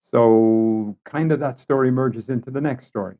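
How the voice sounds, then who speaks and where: A man's voice: mid-range voice, normal speed, warm tone. A man hosting his own show, telling stories in a casual, conversational way with asides to his listeners. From Canada. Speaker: podcast host. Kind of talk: casual monologue storytelling.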